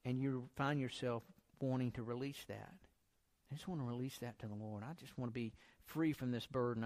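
A man giving an informal sermon, talking in a relaxed, encouraging way and reading scripture aloud. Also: medium pitch. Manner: conversational, encouraging, repeats himself, reads scripture aloud. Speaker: preacher.

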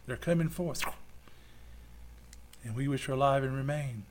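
A man with a drawl preaching a sermon and praying in church, fervent, swinging from loud outbursts to quiet asides. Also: medium pitch, moderate pace, a little hiss or hum. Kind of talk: sermon and closing prayer. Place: church with online stream.

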